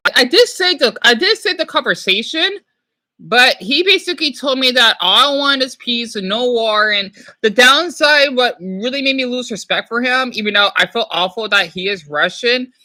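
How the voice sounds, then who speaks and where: Bright-voiced man ranting on a livestream. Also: extremely high pitch. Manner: rambling, excitable, apologetic. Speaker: livestream host. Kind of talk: casual livestream rant.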